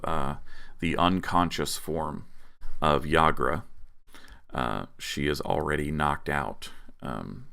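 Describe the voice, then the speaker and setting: Game master: man with an extremely deep voice, slow and laid-back, filler-heavy narration. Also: fairly bright tone. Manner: laid-back, unhurried, many filler words. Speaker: dungeon master. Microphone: home microphone on a livestream.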